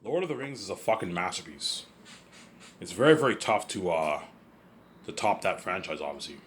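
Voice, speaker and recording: A man's voice: low-pitched, expressive, normal speed, noisy background. A man vlogging in a rambling casual monologue, repeating himself, stumbling over words and swearing freely.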